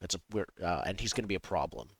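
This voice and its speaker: Low-voiced man game master, halting. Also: expressive, vocal fry, breathy edge, no room sound. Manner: halting, many fillers and restarts while improvising. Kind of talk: narrating a tabletop game.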